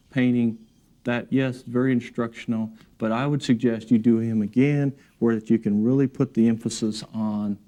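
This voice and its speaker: A man giving a relaxed, encouraging painting demonstration in his studio, talking while he works. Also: mid-range voice. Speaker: painting instructor. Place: art studio.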